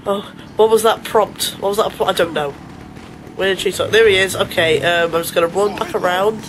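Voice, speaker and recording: A man giving excitable, panicky let's play commentary, often laughing and shouting. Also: high voice, a little fast, noisy background. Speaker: gamer.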